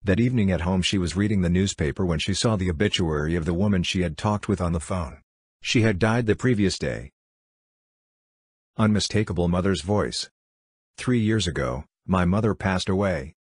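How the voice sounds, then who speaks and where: A man reading a series of short ghost stories aloud in a steady, even storytelling delivery. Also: low-pitched, husky, no echo, studio quality. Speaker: narrator.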